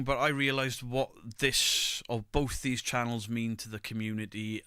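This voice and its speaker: A man's voice: mid-range voice, sharp tone, clean tone, no echo. A middle-aged man, chatting casually on a live stream, greeting viewers by name and swearing freely. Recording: close mic, dry room.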